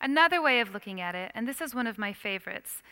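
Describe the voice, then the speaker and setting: A woman lectures to a class in a lively, engaging way, stopping often to put questions to her listeners. Her voice sits a little high and is crisp and smooth, with a bright edge. A long reverb trails each phrase, as in a large hall. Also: fast. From United States. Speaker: Christian teacher.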